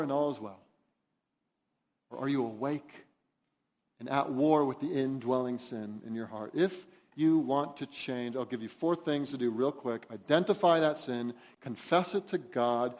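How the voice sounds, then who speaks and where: A man's voice: medium pitch, darkish tone. A male pastor preaching a sermon, emphatic and urgent, acting out the voices he quotes. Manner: emphatic, rising to urgent exhortation; acts out quoted voices in his storytelling.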